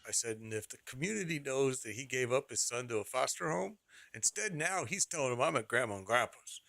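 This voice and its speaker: A man's voice: mid-range voice, animated, a little fast, gravelly, a bit bright, dry recording. A middle-aged man streaming, telling a rambling personal story in casual talk, repeating phrases and laughing as he goes.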